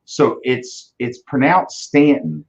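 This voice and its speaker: A man's voice: medium pitch, a little fast. A man who leads a car business, talking earnestly in a casual interview and often repeating words as he starts a thought. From Virginia, US. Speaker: car dealership leader, guest. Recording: dull lo-fi audio.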